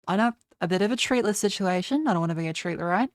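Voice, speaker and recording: A woman's voice: on the low side, animated, fast talker, dry recording, studio quality. A young woman streamer in casual livestream chat, ranting with a lot of swearing and mocking others in put-on voices. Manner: profane, ranting.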